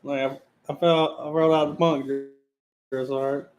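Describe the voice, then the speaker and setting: A man's voice: on the high side, flat delivery, fast talker, slight background noise. Joking man telling stories on a podcast. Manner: joking, acts out quoted voices in his stories. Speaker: podcast co-host. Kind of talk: casual storytelling chat.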